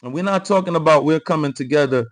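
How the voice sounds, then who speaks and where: Male host of a live commentary stream, pitched a touch high; emphatic, repeats himself, riffs on chat comments. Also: quick pace, rough recording. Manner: emphatic, repeats phrases and talks straight to the chat. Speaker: livestream host.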